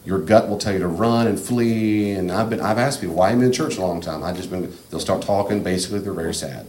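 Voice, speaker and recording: A low-pitched man preaching with earnest, emphatic directness. His voice rings in an echoey room with a faint hiss of ambient noise behind him. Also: fast talker, few pauses, a little mellow. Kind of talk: sermon-style teaching talk.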